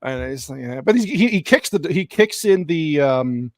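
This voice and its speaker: A man hosts a loose group movie chat over an online call, his pitch leaping around lively and sitting a bit high. His sound is dry and close. He laughs easily and swears casually as he talks. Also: moderate pace, no echo. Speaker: podcast host.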